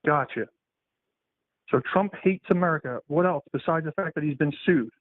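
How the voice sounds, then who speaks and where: A man's voice: on the high side, normal speed. A man calling into a political show, combative and repetitive, swearing as he argues, heard over a phone line. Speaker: caller. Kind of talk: heated phone-in argument.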